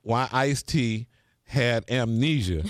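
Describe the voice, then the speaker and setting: A man's voice: medium pitch, slow pace, no echo, studio quality. A man hosting a morning radio show, bantering and laughing with his co-host. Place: radio studio.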